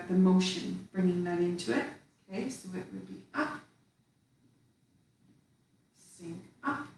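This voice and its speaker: Lady leading tai chi, slow calm cues, far off in a really echoey room w/ faint hiss. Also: medium pitch. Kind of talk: guided movement class.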